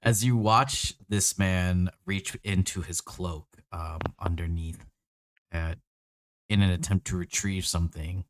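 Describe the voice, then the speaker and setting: A man's voice: deep voice, steady tone, unhurried, slight background noise. A man narrating a tabletop game as game master, often laughing between lines.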